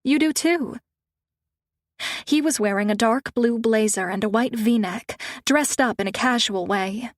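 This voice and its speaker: A woman's voice: on the high side, moderate pace, few pauses, no room sound. Woman narrating a romance audiobook, dry.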